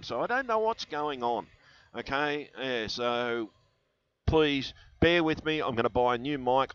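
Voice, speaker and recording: A low-voiced man with a sharp, strained edge talks straight into a headset mic, rambling and conspiratorial. He loops back on himself with fillers and restarts as he answers viewers. The sound is dull and lo-fi. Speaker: channel host. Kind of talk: rambling vlog monologue answering comments.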